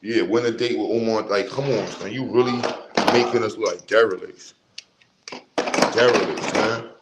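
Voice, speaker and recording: This casual livestream rant comes from a male host who rambles heatedly in blunt street slang. He has a lowish voice, fairly even intonation and normal speed, recorded in a roomy space with loud background noise.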